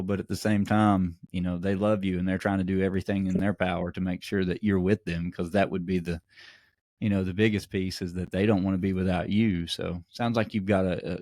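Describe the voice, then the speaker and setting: A man hosting a podcast, talking to his guest in a relaxed, encouraging way with lots of fillers. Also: deep voice, no room sound, studio quality. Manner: encouraging, supportive, many fillers. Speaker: podcast host. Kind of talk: casual interview chat.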